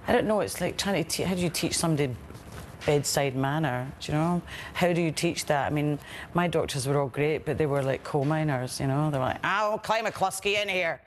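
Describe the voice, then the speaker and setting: A woman who was a patient, telling her story in an interview in a chatty, animated way, with many fillers. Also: low-pitched, brisk, a little hiss or hum. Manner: chatty and animated, acting out the people she quotes. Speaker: former patient.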